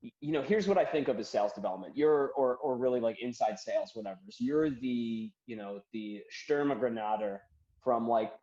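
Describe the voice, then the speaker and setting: A man, a comedian and author, chatting as a podcast guest, rambling and animated as he tells stories and acts out quotes. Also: mid-range voice, fairly quick. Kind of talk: casual podcast conversation. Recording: dull roomy remote audio.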